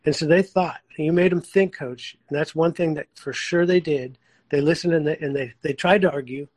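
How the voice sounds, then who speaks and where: A male coach joins as a guest in a casual chat. His fairly high voice sounds dry and close, and he speaks earnestly, often echoing agreement. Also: brisk, a little mellow.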